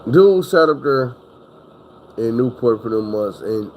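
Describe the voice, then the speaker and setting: A man's voice: mid-range voice, lively intonation, a little slow, darkish tone, slight background noise, low-quality recording. A man telling a story in a casual, rambling, profane way, acting out the people he quotes.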